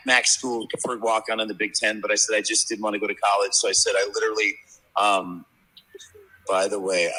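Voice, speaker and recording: A man's voice: on the low side, sharp tone, breathy edge, poor audio. A man in his fifties, a sports handicapper, telling brash, profane, rambling stories in casual podcast chat. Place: media row at a sports event.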